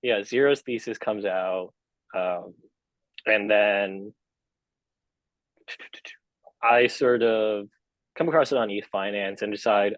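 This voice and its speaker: A man's voice: fairly low pitch, unhurried, dry recording, dull audio. A young man as a podcast guest, talking casually and rambling with lots of fillers and restarts. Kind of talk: casual interview chat.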